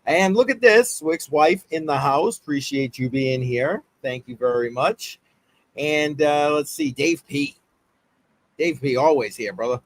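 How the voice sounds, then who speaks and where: A man hosting a casual livestream, giving upbeat shout-outs to chat with lots of fillers. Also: fairly high pitch, a little slow. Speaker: livestream host.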